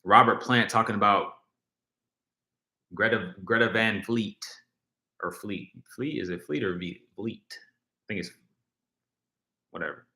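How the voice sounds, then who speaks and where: A man's voice: fairly low pitch, fairly even intonation, unhurried, long pauses, bright, forceful tone, roomy sound. A man hosting a casual livestream, rambling and reading viewers' comments aloud as he talks. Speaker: livestream host.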